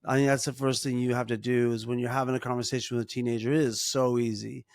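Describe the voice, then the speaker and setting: Gravelly-voiced man giving earnest parenting advice. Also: mid-range voice, little pitch movement, dry recording, studio quality. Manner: earnest, restarts sentences, slows down for emphasis. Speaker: podcast co-host, parent. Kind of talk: casual advice chat.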